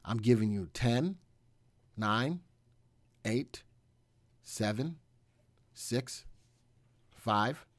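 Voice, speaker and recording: A middle-aged man hosts a casual live stream about stocks. His pitch sits in an ordinary middle range. He sounds upbeat and jokey as he talks to his viewers, and the recording is dry with little room echo. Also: animated, drawn-out words, pauses often. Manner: upbeat and joking, chatting with viewers.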